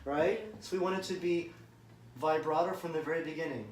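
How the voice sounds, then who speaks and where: A man's voice: on the high side, a little fast, a little hiss or hum. Encouraging male viola teacher, roomy recording. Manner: encouraging, sings phrases with da syllables. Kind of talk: music lesson coaching. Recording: roomy, mic at a distance, loud viola playing.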